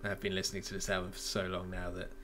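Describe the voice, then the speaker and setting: A man's voice: deep voice, completely flat delivery, racing, a bit bright, slight background noise. A man chatting casually as a podcast co-host, enthusiastic and full of fillers. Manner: enthusiastic, swearing, filler-heavy. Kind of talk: casual chat.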